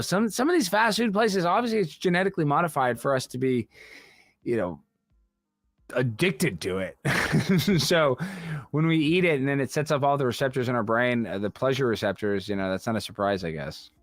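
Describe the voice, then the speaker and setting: A brash man hosting a casual livestream, reading viewer messages and breaking into sudden yelling outbursts. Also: medium pitch, no echo. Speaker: livestream host.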